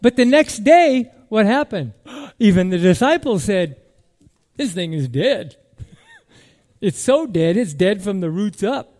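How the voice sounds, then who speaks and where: Emphatic high-voiced male pastor. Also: lively intonation, slow pace. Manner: emphatic, repeats key words, swings from loud declarations to quiet musing. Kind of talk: sermon.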